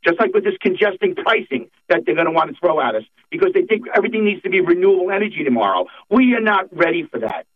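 This state senator, a middle-aged man, joins a talk show as a political guest by way of a tinny phone line. He talks fast in a high, sing-song voice with few pauses, staying fired-up, emphatic and repetitive.

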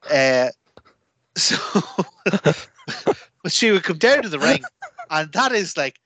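A man co-hosting a podcast, telling rambling, animated stories in casual chat with lots of fillers. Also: a little high, takes it slowly, no echo. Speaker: podcast co-host.

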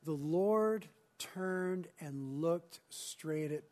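A man preaching a sermon as pastor, earnest, moving between urgent emphasis and hushed near-whispers. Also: fairly high pitch, a little slow.

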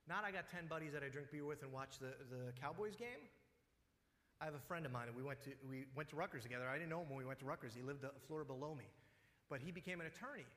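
A man's voice: fairly high pitch, fairly bright tone. A man preaching a sermon as pastor, talking conversationally and telling personal stories. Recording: long hall reverb.

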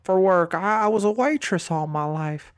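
A man's voice: high voice, normal speed, clear, resonant tone, pitched above the performer's own voice, close to an everyday voice. A man voicing a chatty elderly woman who used to be a waitress, repeating herself as she rambles.

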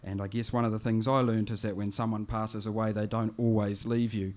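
A man reading his poetry and introducing it in a quiet, gentle, reflective way. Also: fairly low pitch, little pitch movement, brisk. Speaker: poet.

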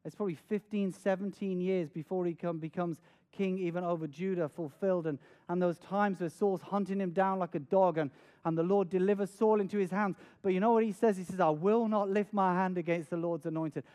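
High-voiced man preaching a sermon. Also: steady tone, a little fast, warm tone. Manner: earnest, repeats words when stressing a point; dramatic, acts out scenes with raised voice.

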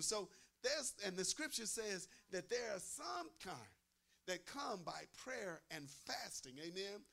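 A man's voice: sits high, sing-song, slow pace, vocal fry, sharp tone. Emphatic man preaching a sermon. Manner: emphatic, repeats phrases, asks the crowd "amen?".

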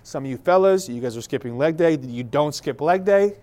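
A young male pastor preaches like a lively storyteller, playfully acting out each scene. His voice sits on the high side at a normal speed, and he sounds slightly out of breath.

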